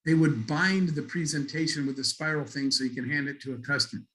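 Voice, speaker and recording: A man's voice: fairly high pitch, steady tone, fairly quick, a bit bright, poor audio. A middle-aged man giving a keynote talk, telling a story and acting out the dialogue. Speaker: keynote speaker. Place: conference stage.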